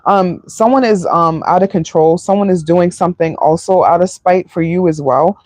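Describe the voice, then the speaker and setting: A woman's voice: lowish voice, moderate pace, a little mellow, a little hiss or hum. A woman doing a live tarot reading, emotional and sighing, with many fillers. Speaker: tarot reader.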